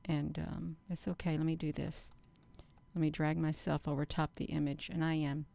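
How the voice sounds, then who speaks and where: A middle-aged woman hosting her own channel, talking slowly and earnestly to her viewers in a rambling casual monologue. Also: low-pitched, flat delivery, creaky, mellow. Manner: slow, earnest, addresses viewers as "you all". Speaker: channel host.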